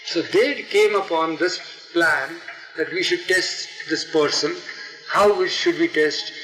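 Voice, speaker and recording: A man tells a story in a somewhat high voice, wandering into asides and acting out each figure. The recording is old archival tape with a roomy echo. Music plays clearly behind him. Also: slow. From India. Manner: animated, digressive, acts out the quotes. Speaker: storyteller, interviewee. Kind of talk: oral history storytelling.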